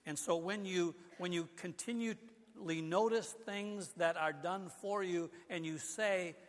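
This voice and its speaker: Preaching in a church sanctuary, an older male pastor talks in a conversational manner and keeps restarting sentences. He has a high-pitched voice and a measured pace, with long reverb from the hall.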